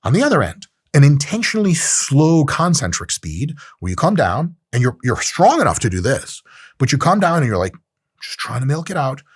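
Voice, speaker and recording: Guy coach explaining lifting, swears a lot, jokes around, husky voice that jumps all over, dry sound. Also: medium pitch, normal speed, dry recording. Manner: profane, joking, animated, with acted-out asides. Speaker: strength training coach. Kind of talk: casual lecture.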